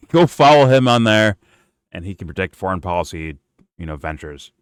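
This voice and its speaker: Reaction host: low-voiced man, sarcastic, swears a lot, dry close sound. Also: very animated, moderate pace, clean tone, dry recording. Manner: mocking, sarcastic, swears often. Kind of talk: casual profane commentary.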